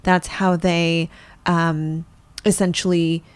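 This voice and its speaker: Thoughtful lower-voiced woman explaining. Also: level tone, slow, smooth. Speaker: psychologist co-host. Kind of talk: podcast discussion.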